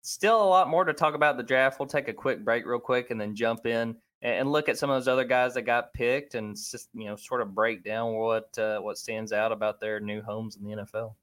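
A man's voice: medium pitch, fairly bright tone. A man hosting a casual sports talk show, talking loosely with frequent fillers and restarts. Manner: conversational, lots of fillers, lists names quickly. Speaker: sports podcast host.

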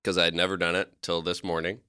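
A man's voice: low voice, little pitch movement, fast, pushed and bright, clean tone, no echo, studio quality. A man in his twenties from Georgia, a guest comedian on a podcast, with an old-fashioned newscaster-like way of talking. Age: 20s. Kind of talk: casual comedy podcast chat.

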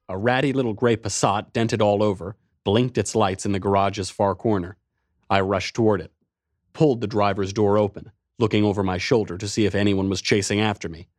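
A man's voice: fairly low pitch, no room sound, studio quality. A man narrating a first-person adventure story in a tense, driving way.

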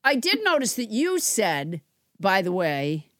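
A woman hosting a comedy podcast, quick-witted and teasing in casual banter. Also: mid-range voice, wildly swooping pitch, no room sound, clean studio sound. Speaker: podcast host.

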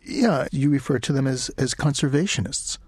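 A man's voice: mid-range voice, normal speed, slightly rough, no room sound. A man hosting a public radio show, interviewing a guest and reading the show's closing segment. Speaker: radio host.

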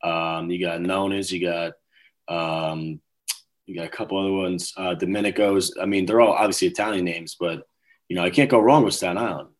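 A young man with a New York accent, a guest in a relaxed conversation, speaking in a very low voice. He talks in an easygoing, unhurried way. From Brooklyn, New York, US. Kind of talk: casual chat.

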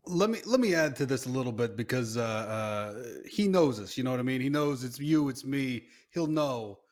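A man playing a tabletop role-playing game, hesitant and halting as he pitches ideas. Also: expressive, darkish tone. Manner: hesitant, lots of uh and restarts, laughing. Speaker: player. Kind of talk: casual game chat.

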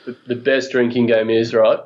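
A man's voice: mid-range voice, flat delivery, normal speed, darkish tone. Male podcast guest, blunt banter, slightly dull recording. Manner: blunt, crude jokes. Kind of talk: casual chat.

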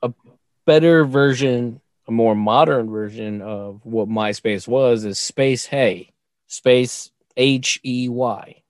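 A man's voice: mid-range voice, takes it slowly, a little mellow, no room sound, clean studio sound. A middle-aged man co-hosting a casual podcast, telling rambling family stories with jokes. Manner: rambling storyteller, jokey. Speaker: podcast co-host.

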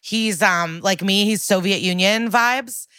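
A woman co-hosting a podcast, telling anecdotes in an animated way and swearing bluntly. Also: medium pitch, unhurried, smooth, dry recording, studio quality. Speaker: podcast co-host. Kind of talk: casual chat.

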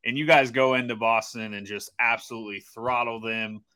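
Bright-voiced male host, mid pitch, chatty and relaxed. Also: moderate pace, clear, resonant tone. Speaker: podcast host, interviewer. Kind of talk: casual interview.

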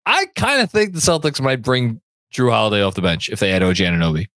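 Excitable man hosting a sports podcast. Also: fairly low pitch, fast talker, no echo. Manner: excitable, rambling, many fillers and restarts. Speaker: podcast host. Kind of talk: casual sports podcast chat, reading viewer comments.

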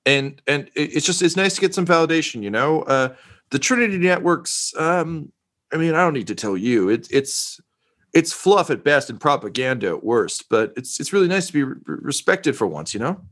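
A man's voice: a little high, lively intonation, moderate pace, a bit bright, pitched above the performer's own voice. A man doing a stammering, downtrodden news reporter. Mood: grateful. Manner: stammering, self-pitying. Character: sad male propaganda reporter, eager for praise.

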